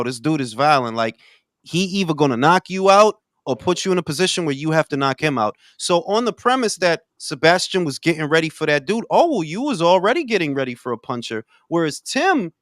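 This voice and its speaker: Brief: male host, fairly high and very animated, slangy joking delivery, dry close mic. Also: dry recording. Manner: joking, slangy, says "bro" often. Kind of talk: casual live-stream boxing talk.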